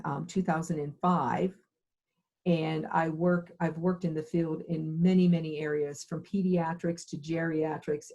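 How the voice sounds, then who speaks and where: A middle-aged woman with a low, husky voice tells her career story in an interview. She slips into the voices of the people in it as she goes, lively and expressive throughout. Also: muffled recording. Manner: animated storyteller acting out dialogue. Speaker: occupational therapy program director.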